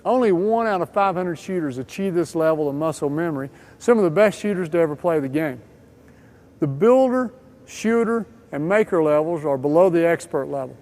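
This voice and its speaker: High-voiced man narrating a training video. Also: a little mellow. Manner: measured, explanatory delivery. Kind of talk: scripted instructional voice-over.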